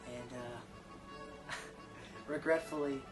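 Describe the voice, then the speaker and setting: A man's voice: mid-range voice, fairly even intonation, extremely slow, over music. A man telling a comic story about himself in a casual, profane, rambling, self-deprecating way.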